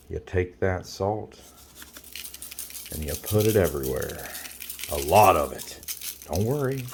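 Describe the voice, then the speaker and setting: There is noisy background around this man's low voice with vocal fry, captured on a phone camera. He is a home cook filming a casual recipe tutorial in his kitchen, blunt and crude, repeating his instructions again and again.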